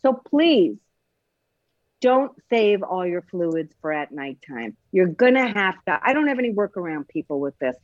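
A woman hosting a casual health show about kidney stones. She talks in an animated, joking way and acts out voices. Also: on the low side, measured pace, no echo, dull audio. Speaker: host, kidney stone prevention practitioner.

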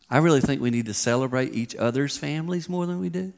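A man's voice: a little high, a little fast. A man in his fifties giving a sermon, a conversational, joking storyteller. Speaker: pastor.

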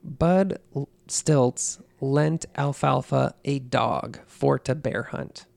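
A woman's voice: rumbling low, slow, darkish tone. A woman telling a long story in casual chat, drifting into a folksy drawl, swearing freely. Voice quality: gravelly, creaky. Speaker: podcast storyteller.

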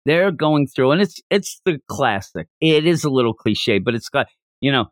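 Casual male podcast host, middle pitch, dry close sound, rambly, acts out bits. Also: fairly quick, no echo. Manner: rambling, animated, acts out quotes. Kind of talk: casual manga discussion.

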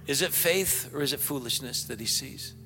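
A man preaching a sermon as pastor, excitable and bursting into shouts, in a large church hall. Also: mid-range voice, moderate pace, soft background music.

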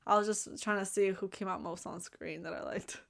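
A woman's voice: mid-range voice, fairly even intonation, a little fast, vocal fry, a bit bright. A woman co-hosting a casual movie review, teasing and jumping in with banter. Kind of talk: casual chat.

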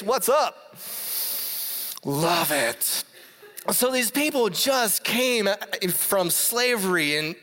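A preacher giving a sermon to a congregation, reading scripture and then retelling it in a playful, animated way. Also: mid-range voice. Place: church hall before a congregation. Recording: long hall reverb.

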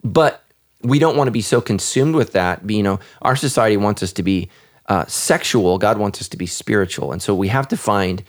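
A man's voice: on the low side, normal speed. A man who is a pastor and podcast host, talking earnestly, often repeating words and restarting. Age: adult with children. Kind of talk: casual podcast conversation.

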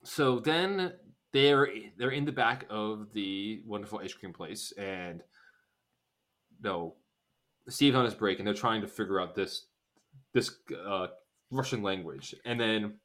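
A man's voice: on the low side, a bit bright. Rambling podcast co-host man. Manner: rambling, acts out characters' lines in quick bursts. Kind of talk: casual chat recapping a TV episode.

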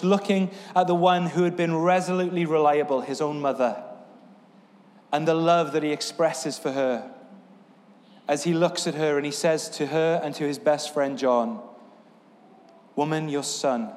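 A man's voice: a little high, a little mellow, big-room sound. A man preaching a sermon as pastor, earnest, with a repetitive, building cadence. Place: church sanctuary.

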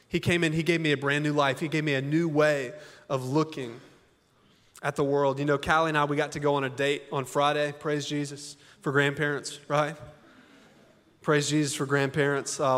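Long church hall reverb fills this recording of a pastor's sermon in a church auditorium. His mid-range voice is a bit bright, and he preaches folksily and conversationally, posing many rhetorical questions.

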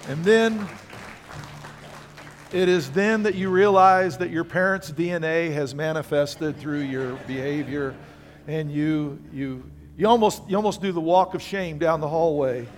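An older man preaching a sermon as pastor, lively and conversational, calling on the congregation to respond. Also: fairly high pitch, a little slow, some chatter behind. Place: church sanctuary.

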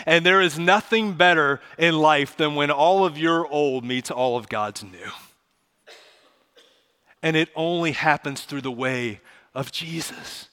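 A man preaching a sermon as pastor, earnest and pleading, slowing down for emphasis. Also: a little high, bright, forceful tone. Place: church sanctuary. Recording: long church hall reverb.

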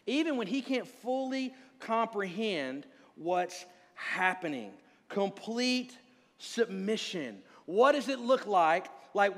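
A man in his thirties, a pastor, giving a sermon in a casual, conversational way, telling stories and asking the congregation questions. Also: high voice. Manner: conversational, animated storytelling with asides to the congregation. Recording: long hall reverb.

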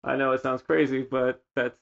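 A man's voice: medium pitch, moderate pace, gravelly, highs cut off. A man co-hosting a podcast, telling party stories in casual chat and acting out his friends' lines. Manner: animated storyteller, acts out friends' lines. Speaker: podcast co-host.

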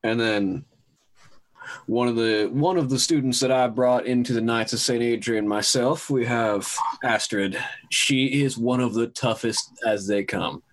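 Introducing characters in a tabletop role-play, the game master narrates in a laid-back manner with frequent hesitations. He speaks in a mid-range voice.

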